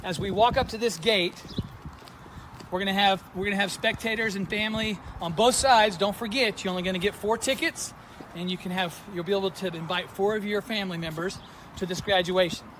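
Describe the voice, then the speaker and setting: A man's voice: sits high, fairly quick, a bit bright. A man who works at a school, walking outdoors while giving chatty step-by-step directions, a little out of breath, with many fillers. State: slightly out of breath. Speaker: school administrator. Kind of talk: walkthrough video instructions. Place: outdoors at a school sports field. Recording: noisy outdoor phone recording.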